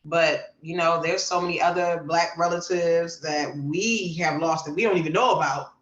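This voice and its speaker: A woman's voice: lowish voice, fairly even intonation, normal speed, reverberant, dull audio. A woman co-hosting a podcast, chatting in an agreeing, conversational way. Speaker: podcast co-host. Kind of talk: casual chat.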